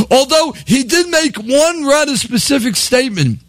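A man's voice: very high voice, lively intonation, moderate pace, few pauses, a bit bright, dry recording, studio quality. A man delivering a satirical comedy monologue, sarcastic and laughing at his own jokes.

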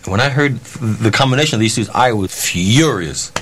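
A man who ran concert halls telling a story in a blunt, profane, animated way, acting out his own ranting. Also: fairly low pitch, brisk, a little hiss or hum. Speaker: concert promoter. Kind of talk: anecdotal storytelling.

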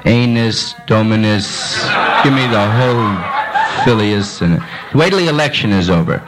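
Man riffing loosely, with a lively, swooping delivery. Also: lowish voice, unhurried, over loud music. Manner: rambling, improvised banter with the audience. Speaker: stand-up comedian. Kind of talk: live stand-up set. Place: nightclub stage before an audience. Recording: hissy old live tape.

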